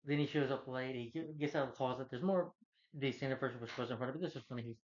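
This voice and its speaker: A man's voice: medium pitch, fast talker, lo-fi sound. A man giving a casual, rambling, enthusiastic film review, retelling the plot.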